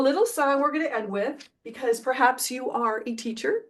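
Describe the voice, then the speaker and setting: A middle-aged woman teaching a video lesson, encouraging and repeating words slowly for learners, now and then singing along. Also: a little high. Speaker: Spanish teacher.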